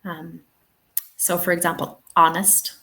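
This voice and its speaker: A woman's voice: mid-range voice, measured pace, poor audio. A young Irish woman running a live teaching webinar, answering chat questions in a chatty, upbeat way. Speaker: TEFL webinar trainer.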